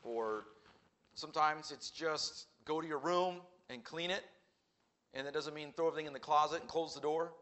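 A man's voice: a little high, moderate pace, sharp tone. A man preaching an earnest sermon in a church, asking rhetorical questions and acting out quoted voices. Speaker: pastor.

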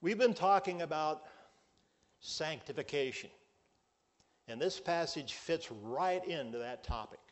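A male pastor preaching a sermon, measured and emphatic, drawing out his key words. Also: on the high side, lively intonation.

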